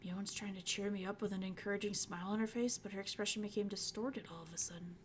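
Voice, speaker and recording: A woman's voice: medium pitch, fairly even intonation, fast, background noise, voice pushed down, natural voice. A woman voicing a guilt-ridden, bitter teenage boy while reading a visual novel aloud. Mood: brooding. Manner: brooding, accusing, then self-blaming.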